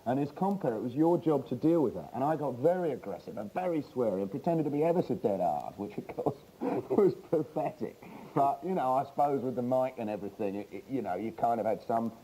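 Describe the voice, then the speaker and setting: Dark-voiced, reflective male comedian. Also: medium pitch, expressive, a little fast, few pauses, a little hiss or hum, rough recording. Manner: reflective, self-mocking. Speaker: comedian, former compere. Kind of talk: interview.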